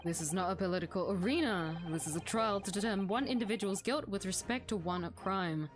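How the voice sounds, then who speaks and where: A woman voicing a stern male court judge in a game, reading his lines in a firm, measured way. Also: mid-range voice, natural voice.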